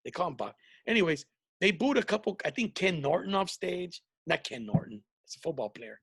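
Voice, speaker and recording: A man's voice: on the high side, very animated, a little fast, gravelly, fairly bright tone, breathy edge, no echo, studio quality. A man hosting a podcast as a comedian, telling rambling, profane stories in casual chat with many restarts.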